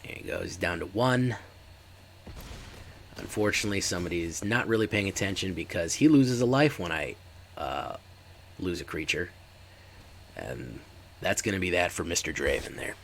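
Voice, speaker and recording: A man's voice: sits low, animated, normal speed, vocal fry, long pauses, a little hiss or hum. A man giving casual, chatty commentary while streaming a card game and talking to his live chat.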